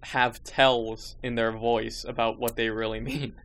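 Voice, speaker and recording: A man's voice: mid-range voice, flat delivery, unhurried, a bit bright. A man hosting a podcast in casual chat, with wry, sarcastic remarks and laughing asides. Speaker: podcast host.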